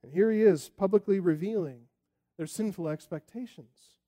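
A man preaching a sermon as pastor, expressive and full of rhetorical questions. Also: high-pitched, normal speed.

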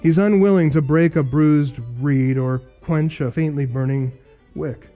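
A man's voice: on the high side, unhurried, dark tone, soft background music. A man preaching a sermon in an earnest, emphatic way, repeating key phrases for weight. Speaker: pastor.

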